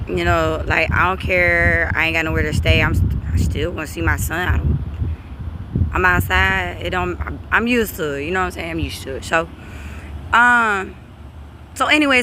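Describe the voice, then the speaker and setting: A woman's voice: fairly low pitch, sharp tone, slight background noise. A woman vlogging outdoors, telling a story in loose, rambling bursts with restarts and free swearing. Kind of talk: casual storytelling vlog. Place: outdoors by a street.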